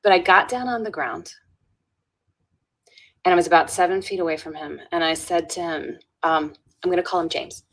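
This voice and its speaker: A woman's voice: lowish voice, normal speed. A woman guest on a podcast, telling an earnest story with restarts and frequent "right?" tags. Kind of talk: storytelling in a conversational interview.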